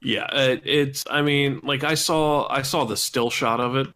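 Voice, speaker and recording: Rambling co-host of a gaming podcast. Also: male voice, mid-range voice, steady tone, a little slow, pushed and bright, smooth. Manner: rambling, hesitant, joking. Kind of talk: casual gaming podcast chat.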